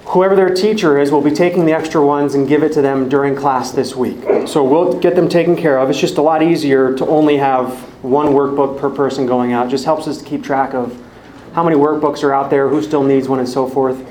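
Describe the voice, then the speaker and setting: A man's voice: medium pitch, steady tone, brisk, darkish tone, slight background noise. A man who teaches a Bible study, giving friendly, organized announcements to a live group in a church hall. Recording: echoey church hall, faint ambience.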